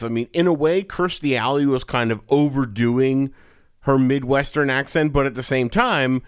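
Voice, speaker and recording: A man gives his movie opinions in loose, chatty podcast talk, often repeating words while he finds his point. His voice is clear and smooth, at a middle pitch. The recording is dry and close. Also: a bit bright, no room sound. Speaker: podcast co-host. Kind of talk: casual movie chat.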